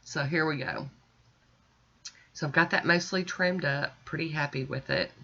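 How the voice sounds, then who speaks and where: A woman's voice: low voice, moderate pace, a bit bright, highs cut off. A woman chatting casually as she narrates each step of her nail art, self-deprecating and easygoing. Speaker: nail art video creator.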